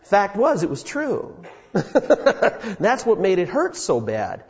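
Brief: man in his fifties preaching a sermon in an echoey church hall, folksy storytelling, slightly high voice. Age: 50s. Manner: folksy storytelling with many fillers. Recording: dull sound in an echoey hall.

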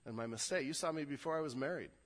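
A man's voice: fairly high pitch, racing. A young adult male pastor preaching an earnest sermon, often repeating words as he builds a point. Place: church sanctuary. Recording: long hall reverb.

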